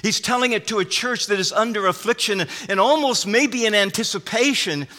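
A man's voice: high-pitched, moderate pace, few pauses, sharp tone. A man preaching a sermon as pastor, earnest and emphatic, often restarting his phrases. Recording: long hall reverb.

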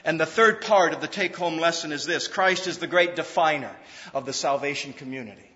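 Man, pastor preaching, emphatic repetition, high voice, long hall reverb, muffled sound. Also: animated, moderate pace, pushed and bright. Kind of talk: sermon.

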